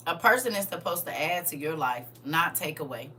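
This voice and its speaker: Addressing her livestream viewers directly, a woman speaks in a bright, forceful, deep voice, animated and a little fast. The casual stream talk is emphatic and preachy, and a faint hum sits behind it.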